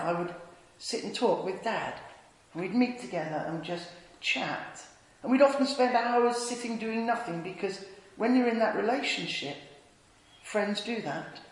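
Earnest preacher in an echoey hall. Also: male voice, very high-pitched. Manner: earnest storytelling, dropping to a hush on tender points. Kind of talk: sermon. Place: church.

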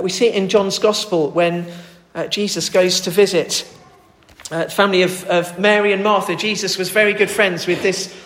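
A man's voice: sits high, a bit bright. A man preaching a sermon in an earnest, conversational way, often restarting his sentences. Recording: roomy echo.

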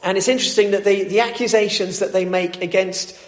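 A man with a high voice reads scripture and then preaches. He talks loosely, with plenty of fillers and restarts. The recording is echoey, with a long reverb from a church hall. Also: fairly even intonation, brisk. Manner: conversational with many fillers and restarts. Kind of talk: scripture reading and sermon.

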